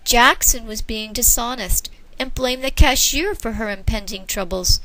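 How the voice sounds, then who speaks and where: A woman reading a children's storybook aloud, expressive and easily moved, breaking off now and then to comment. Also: fairly high pitch, rough recording. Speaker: storybook reader.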